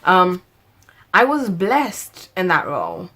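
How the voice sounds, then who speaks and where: A woman's voice: lowish voice, wildly swooping pitch, slow pace, bright, forceful tone. A woman in her late twenties, a lifestyle vlogger chatting to camera, who laughs often, stretches words for emphasis and drifts into preaching. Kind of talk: casual chat to camera.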